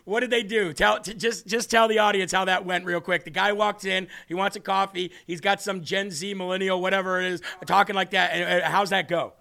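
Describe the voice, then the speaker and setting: A man's voice: sits high, steady tone, brisk, vocal fry, hardly any pauses, pushed and bright. A man hosting a live political commentary stream, combative and scornful, talking to his co-host.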